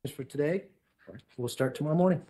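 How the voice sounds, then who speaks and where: A man's voice: a little high, fast talker, heavy background noise. A man cross-examining a witness as an attorney, asking pointed, challenging questions. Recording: echoey courtroom audio.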